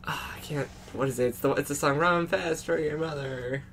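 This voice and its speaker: A man's voice: a little high, moderate pace, crowd noise. A young man co-hosting a casual podcast chat, teasing and playful. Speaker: podcast co-host.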